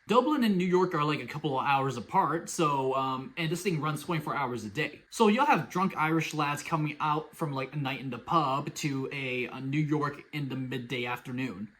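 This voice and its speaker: Man, commentary youtuber, sarcastic and exasperated, fairly high voice, bouncy animated pitch. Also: a little hiss or hum. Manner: sarcastic, exasperated, lively storytelling. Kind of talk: casual commentary vlog.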